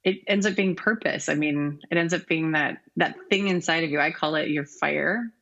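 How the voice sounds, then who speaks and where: Female podcast guest, upbeat and encouraging, gravelly edge, dull lo-fi recording. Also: low-pitched, normal speed, a bit bright. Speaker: guest, brand strategist and speaker. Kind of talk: casual interview chat. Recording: dull lo-fi sound.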